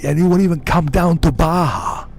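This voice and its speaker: A man doing an impression of a boastful, macho older ex-governor who brags slowly and taunts his listener. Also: on the high side, a little mellow, faint music behind, natural voice. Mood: boastful taunting. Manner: slow, swaggering macho bragging.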